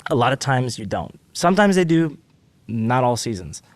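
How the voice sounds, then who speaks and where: A man telling a story as a podcast guest, animated and acting out quotes with big jumps in pitch. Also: normal speed, no echo. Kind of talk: casual storytelling.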